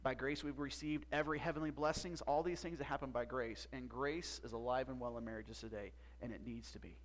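A man preaching a sermon as pastor, emphatic, with long pauses and drops to a hush. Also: medium pitch, fairly even intonation.

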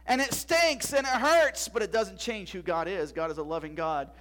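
A man's voice: high-pitched, normal speed, fairly bright tone. A middle-aged man preaching a sermon, asking rhetorical questions with emphasis and sometimes dropping to a whisper. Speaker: pastor.

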